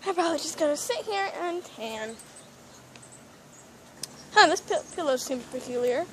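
A woman voicing an excitable female plush pet toy who panics easily, with dramatic shrieks and pleading, in a toy role-play video. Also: high-pitched, moderate pace, a little hiss or hum. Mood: shaken.

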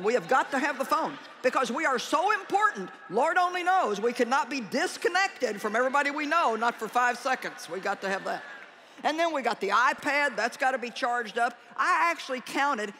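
An older woman preaching a humorous conference sermon, animated and joking as she acts out little prayers and conversations. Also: high-pitched, slight background noise.

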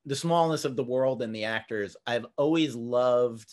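A man hosting a podcast, chatting casually and telling stories with quick laughs. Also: mid-range voice, darkish tone. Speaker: podcast host. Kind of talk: casual chat.

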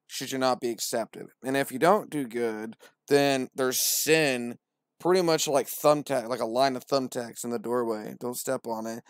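A man's voice: medium pitch, moderate pace, no echo. A man retelling scripture as comedy, profane and slangy, with a wry tone and hesitant restarts.

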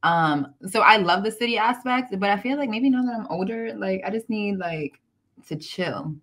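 A woman's voice: mid-range voice, animated, normal speed, fairly bright tone. A woman from Maryland, a wrestler guest on a podcast, chatting casually and giggling between rambling sentences.

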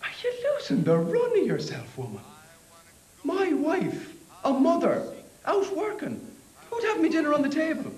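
An actor with an Irish accent playing a bossy, indignant 1950s Irish husband in a comedy sketch, scolding and lecturing. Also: male voice, high-pitched, big pitch swings, a little fast, echoey room, poor audio. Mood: blustering.

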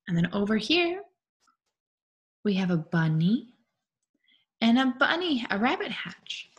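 A woman's voice: fairly high pitch, big pitch swings, measured pace, pauses often, a bit bright, husky. A young woman, a preschool teacher, leads an online group time for small children, gasping in delight and drawing out animal sounds.

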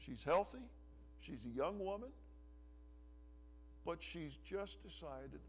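A male pastor preaching a sermon in church, pressing hard on some phrases and letting others drop low and soft. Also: lively intonation, slow pace, creaky, pauses often, a little hiss or hum. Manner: preaching with rising emphasis and soft, dropping asides. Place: church sanctuary.

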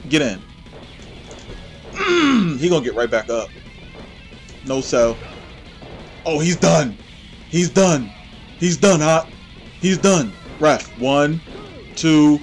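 A man hosting his own gameplay channel, giving excitable, trash-talking play-by-play commentary. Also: on the high side, takes it slowly, long pauses, soft background music.

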